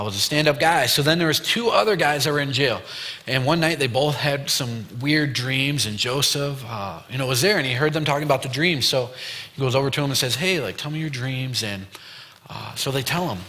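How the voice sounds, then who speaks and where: A young man preaches to teens in a relaxed, chatty way, acting out bits of dialogue with plenty of "you know" and "like". His voice is bright and forceful. It rings out with a long reverb, as if in a big church hall. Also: medium pitch, fairly quick. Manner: retells a story with loose quoted dialogue and fillers. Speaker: youth pastor. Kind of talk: casual youth sermon storytelling. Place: church youth room.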